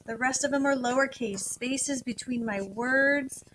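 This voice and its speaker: A woman teaching first graders in a recorded video lesson, speaking slowly and clearly in an encouraging tone. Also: high-pitched, a bit bright, poor audio. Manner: slow, clear, encouraging teacher talk to little kids.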